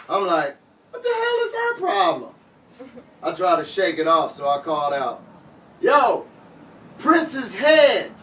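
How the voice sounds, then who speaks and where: Captured from a distance by a room mic, a spoken-word poet reads his own poetry and prose aloud to a bookshop crowd. His slightly high voice rides rap-style rhythms and suddenly bursts into loud shouts, leaving the sound spacious and distant.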